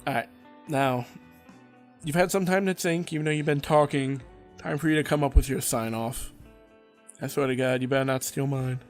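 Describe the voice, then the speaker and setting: A man's voice: medium pitch, steady tone, normal speed, pauses often, soft background music. A man hosting a casual podcast, chatting and teasing his co-host. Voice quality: teasing, joking banter.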